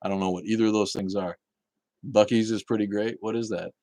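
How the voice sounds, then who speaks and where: A man's voice: on the low side, steady tone, brisk, warm tone, dry recording. A man hosting a casual livestream, chatting bluntly with viewers, swearing and laughing often. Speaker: livestream host reading chat.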